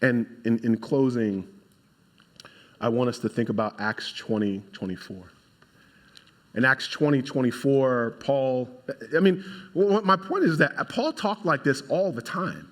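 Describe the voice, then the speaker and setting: A man, a pastor, preaching a sermon in an animated way and talking straight to his congregation. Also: mid-range voice, unhurried.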